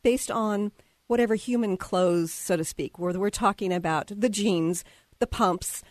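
A woman's voice: medium pitch, measured pace, darkish tone, dry recording, studio quality. A woman hosting an interview, asking questions and encouraging her guest with short acknowledgements. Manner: encouraging, frequent brief acknowledgements. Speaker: interviewer, host.

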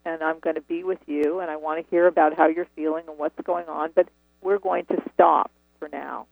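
A woman voicing her gentle, nurturing inner voice, calm and soothing, over a tinny phone line. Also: sits low, moderate pace, gravelly, no room sound.

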